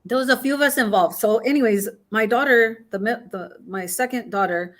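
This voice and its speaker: A woman's voice: fairly high pitch, normal speed. A middle-aged woman guest in casual chat, telling a long story with many restarts and fillers. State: has the hiccups.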